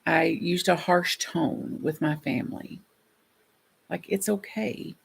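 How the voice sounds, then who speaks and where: A middle-aged woman preaches a gentle, reflective sermon. Her voice sits a little low and carries a gravelly rasp. She talks softly and laughs now and then. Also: fairly even intonation, slow. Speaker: minister.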